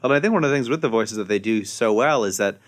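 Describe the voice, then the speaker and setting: A man with a low voice leads a talk about sketch comedy, asking his guests calm questions. He speaks in a measured, even way. The feel is relaxed and friendly. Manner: measured, asks the others questions. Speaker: podcast host leading the discussion. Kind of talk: casual discussion of sketch comedy.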